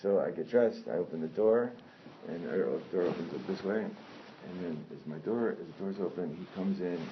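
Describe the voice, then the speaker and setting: A man telling a personal story in a casual, animated way, swearing often and correcting himself as he goes. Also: deep voice, moderate pace. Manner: animated, profane, rambling with self-corrections. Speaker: storyteller recounting a personal incident. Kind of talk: casual spoken anecdote. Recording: dull lo-fi sound with faint noise.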